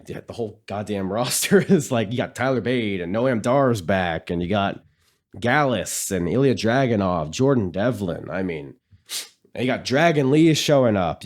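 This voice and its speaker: A man hosting a casual solo podcast, rambling easily with many fillers, his voice nasal and raspy as if congested. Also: fairly low pitch, darkish tone. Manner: rambling, easygoing, lots of fillers. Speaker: podcast host.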